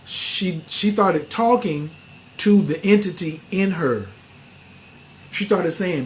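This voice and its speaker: Animated high-voiced man telling a story. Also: a little slow. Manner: animated, acts out quoted voices, slangy. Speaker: spiritual teacher. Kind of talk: casual storytelling monologue.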